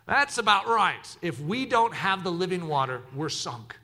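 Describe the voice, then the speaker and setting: A male preacher with a high, very lively voice that climbs and falls freely. His tone is strikingly bright and sharp. He moves from near-whispered asides to loud, building emphasis. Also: unhurried. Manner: swings from hushed asides to rising shouted lists; asks the congregation questions and answers them himself. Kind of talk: sermon.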